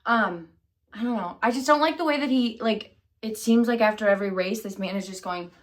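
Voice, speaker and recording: A woman's voice: mid-range voice, brisk. Rambling, scatterbrained woman vlogger. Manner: scattered and self-deprecating, many fillers and restarts. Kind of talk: rambling casual chat to camera.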